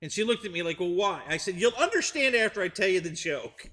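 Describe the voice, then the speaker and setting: A man's voice: sits high, expressive, brisk, a bit bright, long reverb tail. A middle-aged man hosting a live stream, rambling through a joke with restarts and chuckles while chatting with viewers. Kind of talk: casual chat with live chat viewers.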